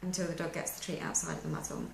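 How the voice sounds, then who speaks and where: A woman's voice: deep voice, wildly swooping pitch, rapid-fire, gravelly. A woman, a dog trainer giving practical step-by-step instructions in a chatty manner. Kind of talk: instructional how-to video. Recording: echoey room with faint noise.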